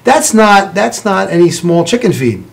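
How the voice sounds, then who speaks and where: A man's voice: sits high, very animated, normal speed, creaky. A man hosting a studio talk show, praising his guests in an effusive, rambling way. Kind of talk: chatty studio interview. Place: television studio.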